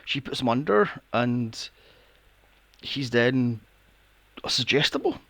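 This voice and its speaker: A man hosting a podcast, recapping a film plot in a casual, animated way, swearing often and acting out his own reactions. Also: mid-range voice, slow, gravelly, no room sound. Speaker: podcast host.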